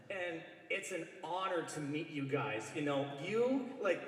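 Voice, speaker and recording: A man's voice: high voice, a bit bright. A man in the audience asking a panel a long, rambling question, eager and full of fillers. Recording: echoey convention hall, distant PA mic.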